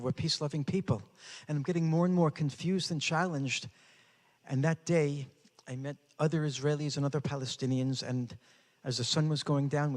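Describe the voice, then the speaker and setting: A man's voice: medium pitch, a little mellow. An older man giving a talk, telling a personal story with dramatic, rising intensity. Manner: dramatic, builds to raised intensity. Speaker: speaker. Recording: hall with long reverb.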